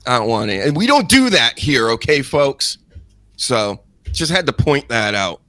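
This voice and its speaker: A man hosting a casual wrestling podcast, ranting sarcastically and jumping high in pitch when he mocks others. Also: very animated, unhurried, a bit bright, dry recording. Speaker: podcast host.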